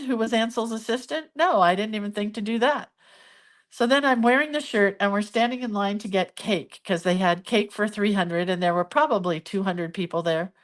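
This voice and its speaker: A middle-aged woman vlogging, telling a story to camera in an emotional, animated way, with sighs and laughs. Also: fairly high pitch.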